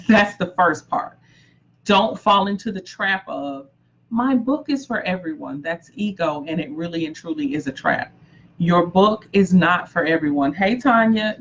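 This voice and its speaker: A woman's voice: lowish voice, a little hiss or hum. A woman coaching aspiring authors in a live-streamed talk, emphatic and repetitive as she drives her points home. She breaks off to greet viewers by name. The audio is dull and lo-fi. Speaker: book coach.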